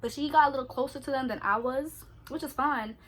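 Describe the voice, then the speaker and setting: A young woman, chatting in an animated, slangy way as she tells a story during her skincare routine. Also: sits high, a little fast. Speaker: beauty vlogger.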